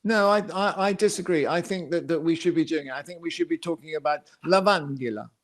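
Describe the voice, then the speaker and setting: A man's voice: on the high side, fairly even intonation, fast. A middle-aged man co-hosting a gardening podcast, talking enthusiastically with plenty of hesitations and fillers. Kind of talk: casual chat.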